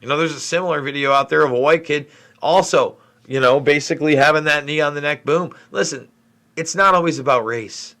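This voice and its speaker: A middle-aged man from New York State hosts a live question-and-answer stream. He answers viewer comments in a frustrated, rambling way. His voice is bright and forceful. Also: fairly high pitch, brisk. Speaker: livestream host. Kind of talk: live Q&A stream reading chat.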